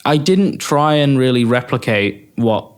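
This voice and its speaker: A young man from England, a music producer chatting as a guest in a casual interview, relaxed and full of fillers and laughs. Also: mid-range voice, measured pace.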